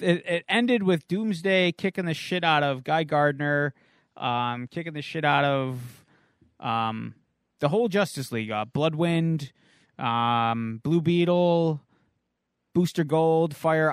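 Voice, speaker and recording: A male podcast co-host with a fairly high voice rambles through a casual comic recap, stopping often for uhs and ums. The sound is dry and close. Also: clean tone, no room sound.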